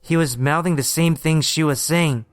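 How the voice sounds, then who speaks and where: Smooth-voiced male horror narrator. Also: a little high, moderate pace, no echo, studio quality. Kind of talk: first-person horror story narration.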